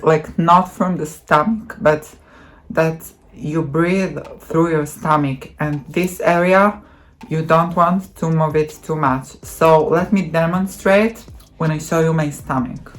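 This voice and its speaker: A woman teaching voice exercises, demonstrating hums and counting in a slow, patient way. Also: low-pitched, fairly even intonation, soft background music. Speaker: voice coach. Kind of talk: voice training tutorial.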